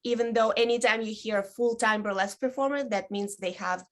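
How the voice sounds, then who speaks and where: A woman in her thirties, a burlesque dancer chatting as a guest, telling stories with many ums and likes and lively quoted voices. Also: on the high side, brisk. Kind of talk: casual interview chat.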